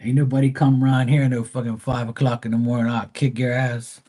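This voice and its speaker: A man's voice: medium pitch, level tone, fairly quick, warm tone. A man chatting casually on a live tarot stream, telling rambling stories in a blunt, profane way. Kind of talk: casual livestream chat.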